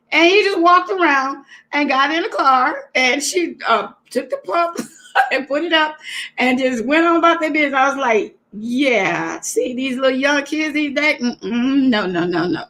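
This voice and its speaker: A woman hosting a casual livestream talk, greeting viewers by name and retelling a story with lively asides. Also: sits high, normal speed. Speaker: host.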